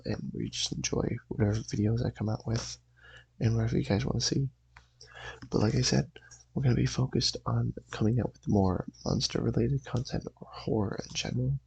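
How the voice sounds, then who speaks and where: Raspy, gravelly young man chatting. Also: lowish voice, a little mellow, no room sound, poor audio. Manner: casual, rambling, apologetic. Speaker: channel host reading comics. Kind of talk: casual comic read-aloud.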